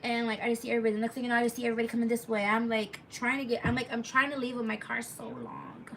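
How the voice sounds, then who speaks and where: Woman, live-stream storytime, rambling, gravelly, a bit far from the phone mic, faint background noise. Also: on the high side, level tone, very fast. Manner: rambling, chatty, full of "like" and asides to viewers; reads viewer comments aloud mid-story.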